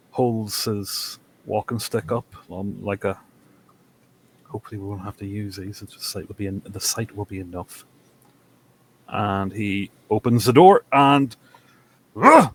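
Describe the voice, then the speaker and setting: A man's voice: on the low side, rough recording. A man playing a tabletop game, describing his character's moves in a hesitant, trailing way. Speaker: player.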